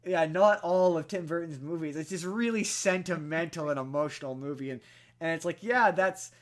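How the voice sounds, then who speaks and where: A young man co-hosting a podcast, telling a film story in casual chat, full of fillers and restarts and growing animated as he goes. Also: on the high side, moderate pace. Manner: rambling with many fillers and restarts, animated when excited. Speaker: podcast co-host.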